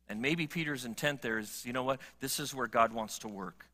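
A middle-aged male pastor preaching a sermon, earnest and swinging from emphatic appeals to quiet, low moments. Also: brisk, few pauses.

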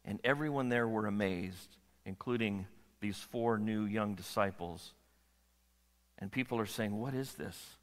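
A man preaching a sermon as a pastor, animated and often checking in with the audience. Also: fairly low pitch, a little slow, big-room sound. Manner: animated, asks the audience questions.

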